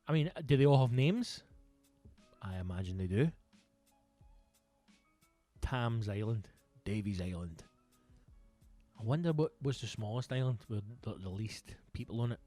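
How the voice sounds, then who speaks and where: A man's voice: lowish voice, animated, a little slow, pauses often, dark tone, faint music behind. A Scottish man hosting a podcast alone, rambling through casual comedic chat with lots of swearing and jokes. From Scotland. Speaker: podcast host.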